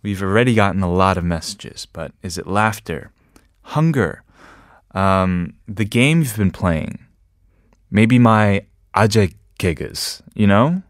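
In a radio studio, a man with a lowish voice and lively intonation hosts a show, reading a script before chatting with jokes and small laughs. He speaks a little slowly, and the dry recording through a studio microphone has studio quality.

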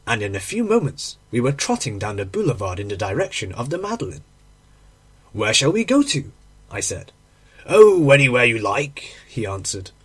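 A man reading a classic short story aloud, with measured storytelling that slows on key phrases and drops low on the dialogue tags. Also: slightly rough. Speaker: narrator.

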